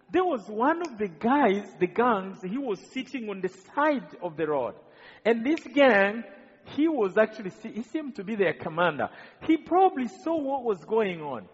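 Husky-voiced man preaching in a hall. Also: sits high. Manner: animated storytelling with quoted voices, many restarts. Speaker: preacher sharing his testimony. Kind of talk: sermon testimony. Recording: dull reverberant hall sound.

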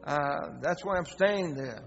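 A man voicing an earnest, devout churchgoing woman with a raised pitch, in a dull, echoing hall with guitar music. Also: animated, takes it slowly, vocal fry, heavily acted. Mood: eager. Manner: raised pitch for her replies. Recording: long hall reverb, dull sound, guitar music behind.

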